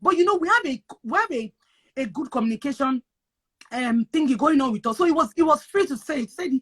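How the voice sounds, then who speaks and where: A Nigerian woman with a high-pitched voice talks in casual chat. She is emphatic and repetitive, hammering her points home like a preacher. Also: animated, brisk, fairly bright tone. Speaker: guest sharing advice on moving abroad.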